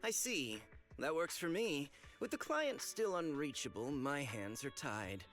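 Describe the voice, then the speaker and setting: A calm, measured man in charge. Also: a little high, soft background music. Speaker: game character.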